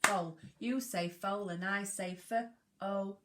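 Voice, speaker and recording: A woman teaches phonics to young children, speaking slowly and deliberately. She sounds out each letter carefully, counts down before each task and gives encouraging praise. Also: medium pitch, fairly even intonation, heavy background noise.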